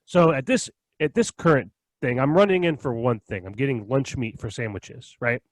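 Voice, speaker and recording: A young man on a podcast telling a story in casual chat, animated and profane, often checking in with "right?" and "okay?". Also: mid-range voice, normal speed, dry recording. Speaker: podcast co-host.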